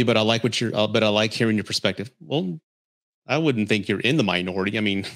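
A man's voice: mid-range voice, fairly bright tone. A man hosting a podcast, giving blunt, candid relationship advice in a casual chat while reading viewer comments. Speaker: podcast host.

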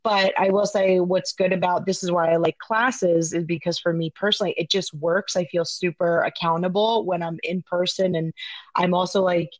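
A woman's voice: lowish voice, moderate pace, no echo, rough recording. Chatty woman telling a story. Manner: chatty, animated storytelling with many fillers; swears casually. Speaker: guest sharing a story. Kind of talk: casual podcast chat.

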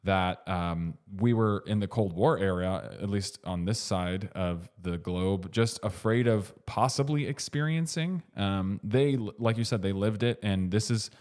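A man's voice: on the low side, a little slow, few pauses, darkish tone. A man co-hosting a movie podcast, talking casually with lots of fillers and restarts. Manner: rambling, restarts and hedging with fillers. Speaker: podcast co-host. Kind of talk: casual movie review chat.

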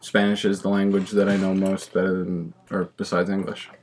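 A man's voice: low voice, monotone, normal speed, a little mellow, slight background noise. Teasing male podcast host. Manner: teasing, playful questioner. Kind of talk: casual chat.

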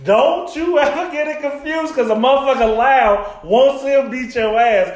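Male co-host, very high voice, laughing teasing banter, roomy echo. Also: moderate pace. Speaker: podcast co-host. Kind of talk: casual chat.

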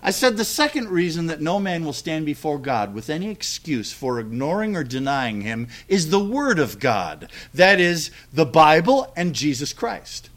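Lively high-voiced male preacher. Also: normal speed, few pauses. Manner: lively storytelling, acts out dialogue. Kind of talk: sermon.

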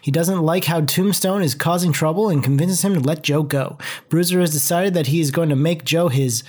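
A man co-hosting a podcast, briskly reading comic book summaries. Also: fairly high pitch, darkish tone, breathy edge. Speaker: podcast co-host.

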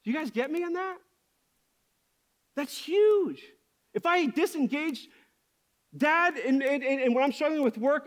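A man's voice: very high-pitched, animated, measured pace, pauses often. A man preaching a sermon as pastor, speaking with passion and candor. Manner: passionate, candid.

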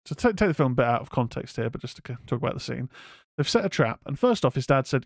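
A man's voice: mid-range voice, big pitch swings, fast talker, no room sound, clean studio sound. A man from England hosting a casual film review show, rambling, swearing freely and reading out chat comments. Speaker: horror podcast host.

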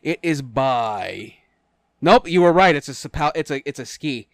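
A man's voice: a little high, expressive, unhurried, no room sound, studio quality. A man co-hosting a live podcast, chatting loosely and laughing often. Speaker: podcast co-host. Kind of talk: casual live-stream chat.

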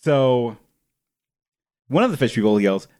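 A playful man co-hosting a book podcast, often breaking into laughter. His pitch swings widely and animatedly as he talks. His voice sits at a middle pitch for a man. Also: sing-song, measured pace, darkish tone, smooth. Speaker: podcast co-host. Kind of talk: casual chat.

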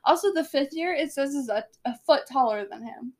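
Young woman gabbing about a book, high voice, lots of likes and giggles. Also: lively intonation, brisk. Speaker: podcast co-host. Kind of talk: casual book discussion.

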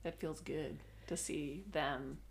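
A woman co-hosting a relaxed conversation, her lowish voice full of gravelly fry. She talks chattily and laughs easily, with a faint hiss of noise behind her. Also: slow pace. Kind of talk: casual chat.

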